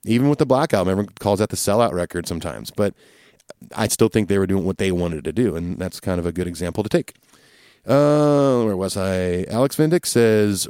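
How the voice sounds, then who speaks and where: A man's voice: on the low side, a little mellow, clear, resonant tone, no echo, studio quality. A man hosting a podcast, chatting casually through listener questions in an easygoing, rambling way full of fillers and restarts. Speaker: podcast host.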